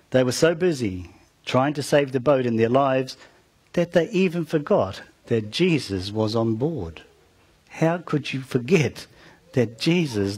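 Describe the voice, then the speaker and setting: Male preacher, husky mid voice, dramatic storytelling sermon with asides to the congregation. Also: mid-range voice. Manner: dramatic retelling that drops soft at phrase ends; talks to the listeners with asides.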